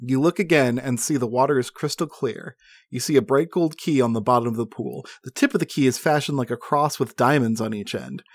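A man's voice: mid-range voice, fairly quick, dry recording, clean studio sound. A man reading an adventure gamebook aloud to friends, dramatic but often breaking into laughs and asides. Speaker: game narrator.

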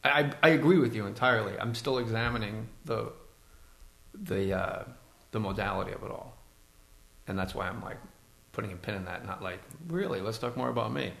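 Comedian guy hosting a podcast, gravelly voice, blunt and teasing, swears a lot. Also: on the low side, brisk, fairly bright tone, reverberant. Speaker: podcast host and stand-up comedian. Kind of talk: casual conversational podcast.

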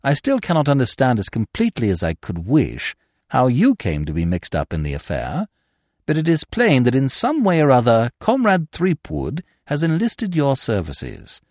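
An unflappable, whimsical young gentleman with languid, over-polite phrasing, as a man reads him. His pitch rises and falls a great deal. The recording is dry and close. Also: no echo. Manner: languid, elaborately polite speech.

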